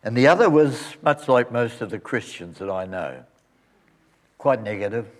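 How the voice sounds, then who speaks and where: A male pastor telling a story at the close of a sermon and leading a quiet prayer. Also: mid-range voice, expressive, normal speed. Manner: storytelling, then soft reverent prayer.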